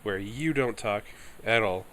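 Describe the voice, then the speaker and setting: A man's voice: on the low side, measured pace, a bit bright, a little hiss or hum. A man giving casual, offhand commentary while playing a story game, mumbling asides between lines. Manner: offhand, mumbling asides, reads dialogue aloud. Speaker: streamer.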